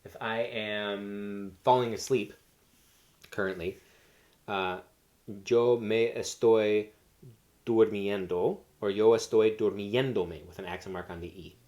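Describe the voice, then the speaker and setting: Low-voiced man teaching a Spanish lesson. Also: steady tone, takes it slowly, darkish tone. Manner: explains step by step with fillers and self-corrections. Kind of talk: recorded classroom lesson.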